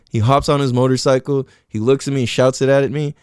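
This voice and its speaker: A man's voice: medium pitch, fairly quick, darkish tone, no room sound, clean studio sound. A man hosting a podcast, telling a story casually and swearing a lot. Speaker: podcast host.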